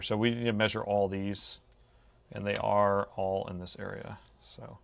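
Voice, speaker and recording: This middle-aged man, repairing a laptop, thinks aloud while measuring in a laid-back drawl, tacking "man" onto his sentences. His voice is lowish and gravelly, with a flat, unhurried delivery.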